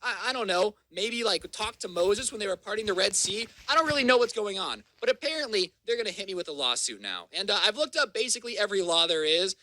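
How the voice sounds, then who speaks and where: A man's voice: sits high, very animated, fast talker, hardly any pauses, pushed and bright, no echo, low-quality recording. A man in his twenties telling a storytime rant on his channel, sarcastic and full of mocking insults. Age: 20s. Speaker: YouTuber.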